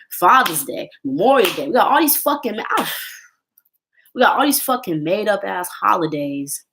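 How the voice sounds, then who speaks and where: A woman in her twenties, ranting bluntly and heatedly to camera and swearing constantly. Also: mid-range voice. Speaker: vlogger.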